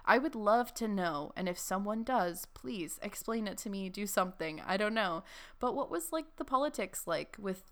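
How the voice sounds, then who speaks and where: A young woman co-hosting a podcast, chatting casually with quick asides and lots of "like". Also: medium pitch, expressive, fairly bright tone. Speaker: podcast co-host. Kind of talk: casual chat.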